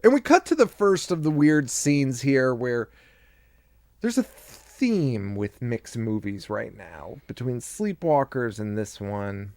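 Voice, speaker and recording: A man's voice: mid-range voice, lively intonation, takes it slowly, a little mellow, dry recording. A man co-hosting a podcast, recapping a film in casual, profane chat, laughing often and acting out lines. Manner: laughing, loose and profane, acts out quotes. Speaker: podcast co-host.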